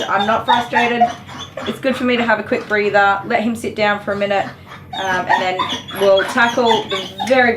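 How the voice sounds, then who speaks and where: Woman soothing a dog over buzzing clippers. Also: medium pitch. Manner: soothing, praising baby talk to a dog. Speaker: dog groomer streaming live. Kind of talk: casual livestream chat. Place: grooming salon, indoors. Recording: echoey room with loud clipper noise. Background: electric clippers buzzing.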